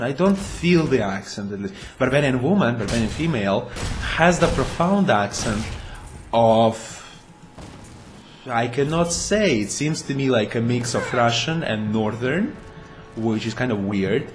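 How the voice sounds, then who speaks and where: A man's voice: medium pitch, slight background noise. Chatty, playful man commenting on a game. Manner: chatty and playful, makes goofy sound effects. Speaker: gameplay commentator. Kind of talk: casual let's-play commentary.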